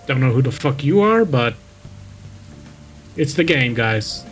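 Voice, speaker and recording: Close to the mic, with soft music behind him, a man reads a creepypasta aloud and keeps interrupting it to mock the story sarcastically. His medium-pitched voice is animated and his pace measured.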